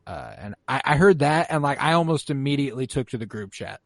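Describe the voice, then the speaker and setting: A man's voice: mid-range voice, lively intonation, normal speed, few pauses, dry recording. A young man co-hosting a podcast, recapping an episode in casual, profane chat. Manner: casual and profane, quoting characters in mock voices. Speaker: podcast co-host.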